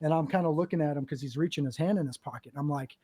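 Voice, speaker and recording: A man hosting a podcast, telling a war story in a lively, profane way and acting out the people he quotes. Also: fairly high pitch, fast talker, husky, dry recording. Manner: animated, profane, acts out quotes. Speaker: podcast host, Marine veteran. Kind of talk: casual storytelling.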